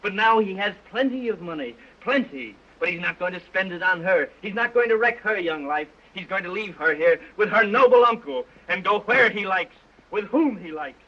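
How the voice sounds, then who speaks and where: A man's voice: high voice, expressive, normal speed, hardly any pauses. An actor playing a brash, bitter young man in a 1929 talkie, sardonic in manner. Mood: mocking. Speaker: film actor. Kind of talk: 1929 early talkie acting. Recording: muffled early sound film with score.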